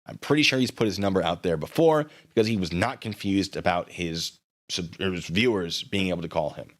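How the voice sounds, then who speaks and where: A man hosting a livestream, commenting on messages in a mocking, sarcastic way. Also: brisk. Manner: lively, swinging pitch. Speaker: livestream host.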